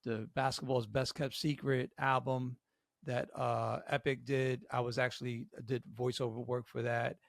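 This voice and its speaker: A middle-aged man co-hosting a podcast, telling an animated story full of slang. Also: mid-range voice, vocal fry, no room sound, studio quality. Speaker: podcast co-host.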